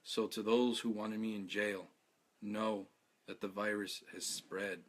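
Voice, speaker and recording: An exhausted activist speaks to his followers in a live video, his fairly low voice flat in delivery. He halts, stammers and repeats his words, yet comes across as earnest and heartfelt.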